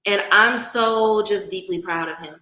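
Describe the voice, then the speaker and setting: A woman's voice: medium pitch, unhurried, bright, forceful tone, echoey room, rough recording. A woman from Oakland with a light Bay Area accent, chatting casually with viewers on a livestream and greeting them by name. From Oakland, California. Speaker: livestream host.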